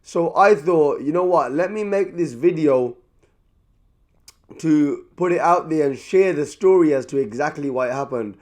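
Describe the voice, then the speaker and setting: A young man talking casually to camera as he eats at a table. He is lively and chatty, repeats himself, and goes quieter once he starts eating. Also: on the high side, moderate pace. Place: indoors at a table.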